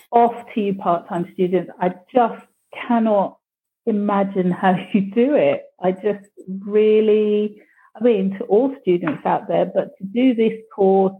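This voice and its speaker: A woman guest speaks in a rambling, encouraging way, often stumbling over repeated words. Her voice comes through a thin, phone-like line. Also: mid-range voice. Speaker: podcast guest. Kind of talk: casual interview chat. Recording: tinny phone-like call audio.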